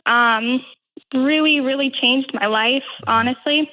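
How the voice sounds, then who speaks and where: A woman's voice: sits high, takes it slowly, narrow, tinny audio. A young woman in her twenties calling into a show, speaking hesitantly with many fillers. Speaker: caller. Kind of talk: phone-in call.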